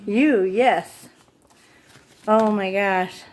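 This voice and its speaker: A woman's voice: mid-range voice, extremely slow. A woman hosting a casual family vlog, gushing and encouraging in a motherly way. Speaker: family vlog host, parent.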